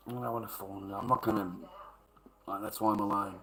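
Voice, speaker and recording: A man's voice: fairly low pitch, level tone, fast, a bit bright, low-quality recording. An Australian man ranting casually to a live chat, rambling and repeating himself with heavy swearing. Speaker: livestreamer.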